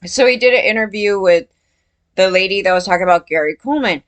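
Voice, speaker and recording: A woman's voice: mid-range voice, fast, no room sound. A woman talking casually to her viewers in a rambling way, full of fillers and restarts, often unsure of herself. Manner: questioning, unsure, often says she doesn't know. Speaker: commentary vlogger. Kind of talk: casual commentary to camera.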